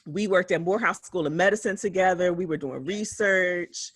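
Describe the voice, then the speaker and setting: A woman in her forties from West Philadelphia, a physician, co-hosts a casual podcast chat. Her fairly low voice has a breathy edge and moves at a moderate pace, with no room sound. She tells animated stories, laughing often and acting out quotes.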